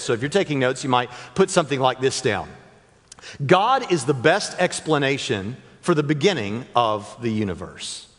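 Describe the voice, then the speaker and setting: A man speaks from a church stage to a live audience, his fairly high voice rising and falling with animated energy. He jokes and talks straight to the listeners. Long reverb from the big hall trails after his words. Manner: joking, chatty, speaks directly to the crowd.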